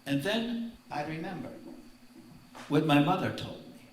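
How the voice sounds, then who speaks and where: A man telling a story on stage in slow, simple broken English, breaking into song now and then, heard from far off in a large hall. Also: on the high side, very animated, slight background noise. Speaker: stage performer. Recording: roomy hall from far off, guitar behind.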